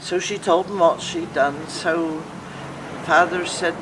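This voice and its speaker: A woman's voice: on the low side, steady tone, slow pace, noisy background. Older woman telling jokes. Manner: homely storyteller, briefly voicing each character. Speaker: joke teller.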